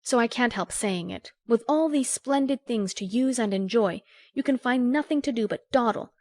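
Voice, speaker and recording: A woman reading an audiobook, voicing an earnest, sharp-tongued young woman who lectures a friend in a crisp, scolding way. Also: fairly high pitch, normal speed, no echo, clean studio sound, voice pushed up, lightly acted. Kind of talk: audiobook character voice.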